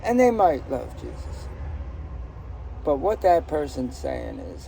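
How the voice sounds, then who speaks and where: A man's voice: a little high, huge pitch swings, unhurried, vocal fry, mellow, a little hiss or hum. An older man telling stories from his life in a rambling, joking, outspoken way, recorded outdoors in a garden. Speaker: storyteller. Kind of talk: casual personal storytelling.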